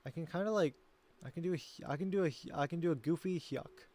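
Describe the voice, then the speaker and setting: A man's voice: fairly high pitch, fast talker, darkish tone, a little hiss or hum. A man chatting casually as a streamer, rambling and thinking aloud while he critiques his own voice work. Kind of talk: casual chat.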